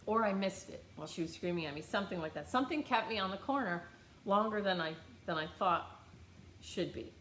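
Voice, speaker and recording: Blunt, animated middle-aged American woman vlogger, casual storytelling, roomy sound. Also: medium pitch, fairly quick, a little hiss or hum. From United States. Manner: blunt, animated, swears freely.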